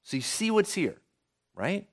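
A man's voice: high-pitched, big pitch swings, unhurried, gravelly, slightly rough. A man preaching a sermon as a pastor, speaking conversationally and often checking in with rhetorical questions.

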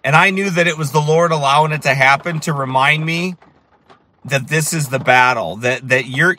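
A man preaching with fire and emphasis as he tells a story, at times rising to shouts. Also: a little high. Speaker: street preacher. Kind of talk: preaching while telling a story.

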